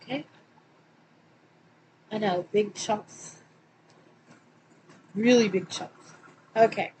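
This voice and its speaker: A woman with a Southern accent, reading Bible questions and verses aloud slowly, with small slips and asides. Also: medium pitch, a little mellow, slight background noise, poor audio. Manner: slow and deliberate, reads quotes slowly with small slips and asides. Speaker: Bible study reader.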